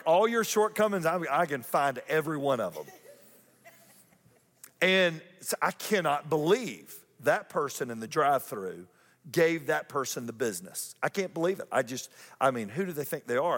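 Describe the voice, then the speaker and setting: A male pastor preaching a lively sermon, repeating phrases and climbing higher in pitch for emphasis. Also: long reverb tail. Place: church auditorium.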